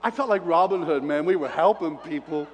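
A man delivers his sermon testimony like an animated storyteller, folksy and plain-spoken, calling himself a redneck and shouting preacher-style call-outs to the congregation. His voice is a little high and brisk. The recording carries the long reverb of a large hall.

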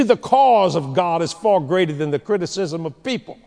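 Animated joking preacher in a big hall. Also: male voice, sits high, normal speed. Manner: humorous, animated storytelling. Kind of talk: sermon. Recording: long reverb of a large hall.

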